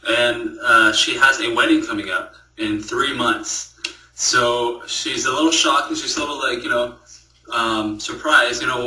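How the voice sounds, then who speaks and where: A man giving a moral story as a religious speaker, halting and repeating words and checking in with "right?". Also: mid-range voice, fairly even intonation, sharp tone. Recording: echoey room, speaker far from the mic.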